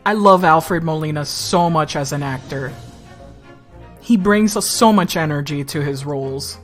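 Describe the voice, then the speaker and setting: A woman's voice: deep voice, measured pace, faint music behind. A woman giving casual commentary over a video game, blunt and chatty, swearing freely and laughing often. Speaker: let's play streamer.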